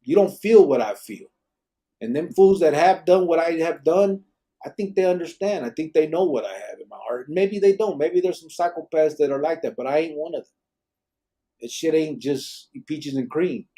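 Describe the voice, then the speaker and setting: A man's voice: a little high, expressive, normal speed, dark tone. A man with a blunt, emphatic manner, hosting a live podcast and swearing freely. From Arizona, USA. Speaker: podcast host, former gang member. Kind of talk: live podcast talk, reading viewer comments.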